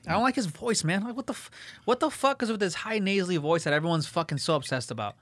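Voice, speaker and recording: Young guy ranting fast on a podcast, swears constantly, dry close sound. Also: high voice, no room sound. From Italian-American family. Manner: animated, ranting, heavy swearing. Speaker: podcast co-host. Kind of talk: casual podcast banter.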